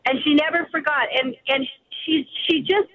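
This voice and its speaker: A woman calls in to a radio show, speaking in a halting, hesitant way with many fillers. Her voice is high. She comes through a dull, muffled phone line. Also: fairly even intonation. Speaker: caller. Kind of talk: call-in radio conversation.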